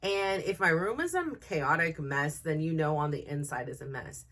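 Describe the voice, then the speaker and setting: A middle-aged woman hosting a podcast, telling a personal story in a chatty, animated way with lots of fillers. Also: low-pitched, moderate pace. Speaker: podcast host. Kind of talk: casual storytelling monologue.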